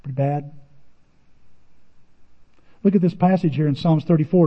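A man preaching a sermon in a conversational, animated way, his voice rising for emphasis. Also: a little high, moderate pace, pauses often. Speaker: pastor. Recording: muffled sound in a reverberant hall.

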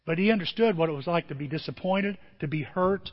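High-voiced man preaching in a reverberant hall. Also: fast talker, dull audio. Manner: emotional, swings from soft to emphatic. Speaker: pastor. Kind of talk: sermon.

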